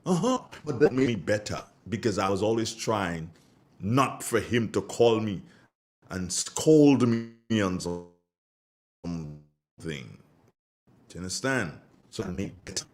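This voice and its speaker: A Grenadian radio host, speaking a little slowly with frequent pauses in a fairly low voice, welcomes his listeners from the studio. He spins stories in an animated, casual way, full of Caribbean colloquial phrasing.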